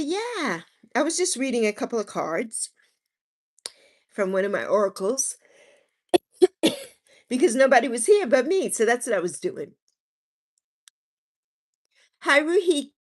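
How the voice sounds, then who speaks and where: A woman with a fairly high, very animated voice speaks a little slowly and pauses often. She's hosting a live stream, chatting casually while reading viewer comments, and she's affectionate and sympathetic, calling people endearing names and softly repeating her kind wishes.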